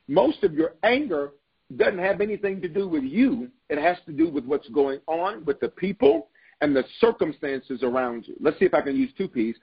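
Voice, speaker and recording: Male bishop-preacher, slightly high husky voice, emphatic, repetitive call-outs; lo-fi recording. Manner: emphatic, repeats key lines, calls out to listeners. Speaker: bishop and leadership podcast host. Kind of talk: preaching leadership sermon.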